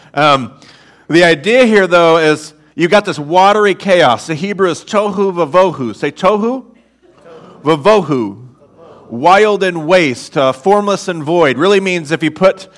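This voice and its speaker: Guy preaching in church, jokey and lively, higher voice, gets people to say words back. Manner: playful, animated, audience call-and-response. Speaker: guest preacher. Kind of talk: sermon. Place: church stage.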